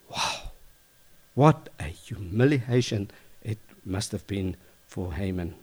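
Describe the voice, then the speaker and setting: A man retelling a Bible story informally, lively and conversational, with fillers and self-corrections. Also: lowish voice, unhurried, slightly rough.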